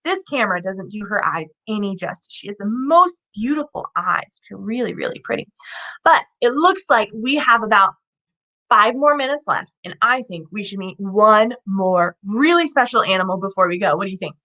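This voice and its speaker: A woman hosting a live children's animal show, animated and asking young viewers questions as she presents a lizard. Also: medium pitch, moderate pace.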